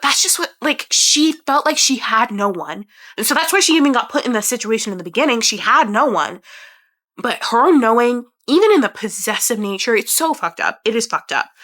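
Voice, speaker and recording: A woman's voice: on the high side, fairly bright tone. A woman chatting to camera about a book she loved, emotional and rambling, swearing now and then and restarting her sentences. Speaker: book reviewer. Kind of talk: casual chat.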